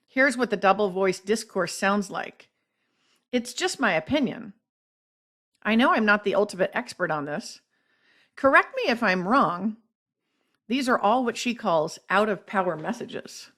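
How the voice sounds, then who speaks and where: A woman podcast host reading a scripted explanation of speech tips in a measured, instructive way. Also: medium pitch, fairly bright tone.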